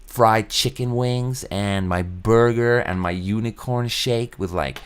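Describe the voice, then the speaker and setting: A man putting on the voice of a gluttonous, oblivious American man ordering piles of junk food, in a slow, mocking drawl. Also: lowish voice, clear, resonant tone.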